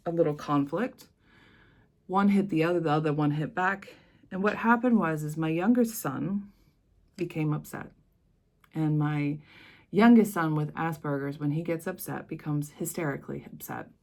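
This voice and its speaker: A woman's voice: lowish voice, creaky, darkish tone. American woman telling a personal story. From United States. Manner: earnest, conversational, with emphatic rises. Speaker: vlogger.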